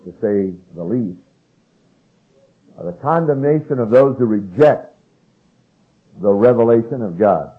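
An older man from California preaching a sermon, earnest and emphatic as he reads and explains scripture. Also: mid-range voice. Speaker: pastor. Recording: narrow phone-like radio broadcast sound.

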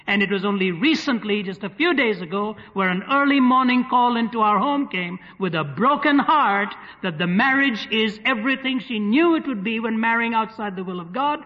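A man's voice: high-pitched, animated, normal speed, hardly any pauses. A man preaching to a live audience, telling stories vividly with touches of humor. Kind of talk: sermon storytelling. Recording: dull recording in a reverberant hall.

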